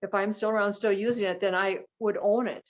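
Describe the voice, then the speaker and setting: A woman's voice: mid-range voice, fairly even intonation, fairly quick, muffled recording. Plain-spoken older woman on a call. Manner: plain-spoken, chatty storytelling. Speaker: support group member. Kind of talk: casual group video call.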